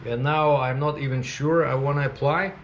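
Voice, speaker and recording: A man chats casually to the camera, rambling and correcting himself as he goes. His voice sits at an ordinary middle pitch, and a faint noise hangs behind him. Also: steady tone, moderate pace, muffled recording. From Russia. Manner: rambling, with many fillers and self-corrections. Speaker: trucker vlogger. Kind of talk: casual talking-to-camera vlog.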